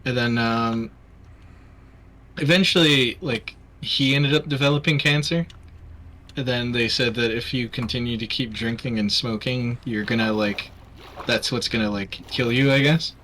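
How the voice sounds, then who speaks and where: A man's voice: mid-range voice, normal speed, sharp tone, a little hiss or hum. A young man from Canada, his accent mostly Americanized, chatting casually on a livestream and rambling with many fillers and restarts. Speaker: livestream host. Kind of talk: casual chat.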